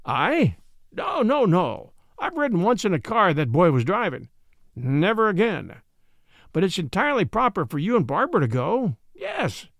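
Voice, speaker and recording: A man's voice: sits high, wildly swooping pitch, normal speed, fairly bright tone, no room sound, studio quality, full character voice. A man voicing a fond, blustery old uncle in a read-aloud story.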